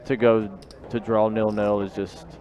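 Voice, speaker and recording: A man's voice: fairly low pitch, level tone, unhurried, darkish tone, lo-fi sound. A man commentating a live poker stream in casual chat, talking in a glum, repetitive, rueful way. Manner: glum, repetitive, rueful about a sports loss.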